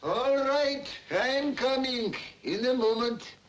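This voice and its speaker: An actor playing an elderly, kindly Jewish man who soothes a frightened boy in a soft, patient voice, in 1940s film style. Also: very high-pitched, slow pace, a little hiss or hum, rough recording. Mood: soothing. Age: older. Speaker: guardian figure comforting a boy. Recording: 1940s film soundtrack with music underneath.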